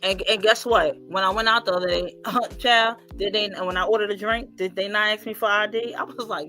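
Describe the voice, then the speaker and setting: A woman hosts a casual gossip stream, cursing freely and acting out what others said. She speaks in a bright, sharp voice. Faint music plays underneath. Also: mid-range voice, normal speed, few pauses. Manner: animated, profane, mimics others' voices. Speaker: host.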